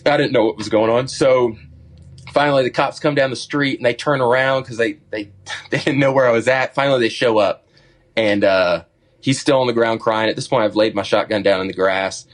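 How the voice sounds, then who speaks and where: A middle-aged man, a podcast guest, telling a wild story in a casual, animated way and acting out what people said. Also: mid-range voice, a little fast. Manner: animated storyteller, acts out his own quotes.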